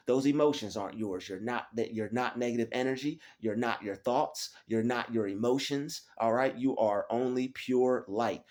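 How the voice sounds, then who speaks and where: A man's voice: medium pitch, a little mellow. A man giving a motivational spiritual talk alone in a small room, speaking in repetitive, declarative affirmations. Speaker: spiritual vlogger.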